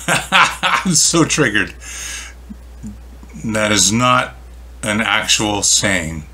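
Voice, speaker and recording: A man's voice: fairly low pitch, big pitch swings, extremely slow, pushed and bright, breathy edge. A man in his fifties reacting to a video with casual, teasing commentary and short retorts. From Canada. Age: 50s.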